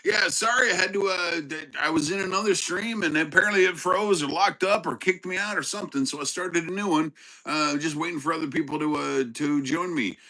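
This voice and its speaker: A man hosting a casual live stream with his dog, chatting with viewers by name and breaking into excited shouts. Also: on the high side, low-quality recording. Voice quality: halting, many fillers and restarts. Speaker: livestream host with his dog.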